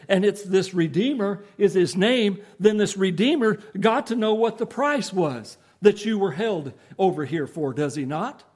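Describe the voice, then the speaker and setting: A man preaching a sermon, explaining scripture earnestly and emphatically, with rhetorical questions to his listeners. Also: sits high. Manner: reads scripture slowly in old-fashioned English.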